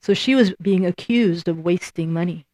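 A woman preaching a sermon, lively and emphatic, acting out the voices she quotes and repeating lines for emphasis. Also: on the low side, moderate pace, dry recording.

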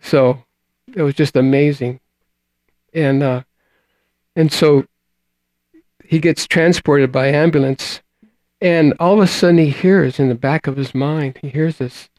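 Slow and halting, a preacher reads scripture and retells a testimony, repeating words and trailing off softly at phrase ends. His slightly high voice keeps a fairly even intonation, with no room sound.

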